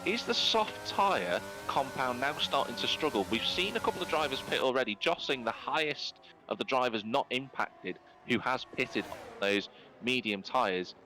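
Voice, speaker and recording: A man giving live play-by-play commentary on a sim racing league, brisk and rising in pitch when incidents happen. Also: animated, music in the background, rough recording. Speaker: race commentator. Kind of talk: live esports race commentary.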